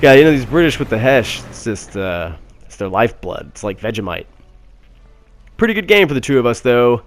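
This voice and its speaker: A man's voice: medium pitch, very animated, brisk. A man giving a casual, wry voice-over commentary on a tank battle game, with many fillers. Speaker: gameplay commentator. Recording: gunfire and engine sounds behind.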